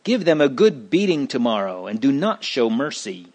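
A man's voice: medium pitch, sing-song, moderate pace, darkish tone. A man voicing a giant's cruel, scheming wife who urges him to show no mercy. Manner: coaxing, pitiless.

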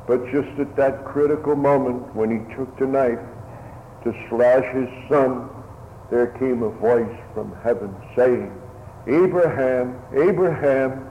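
Male preacher, slow solemn pulpit delivery, tinny radio sound with a long hall echo. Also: mid-range voice, slight background noise. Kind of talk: sermon. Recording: phone-like radio broadcast in a reverberant hall.

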